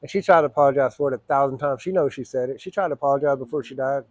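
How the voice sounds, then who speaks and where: A middle-aged man telling a personal story, blunt and profane, rambling with frequent throat clearing. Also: mid-range voice, racing, a little mellow, no echo.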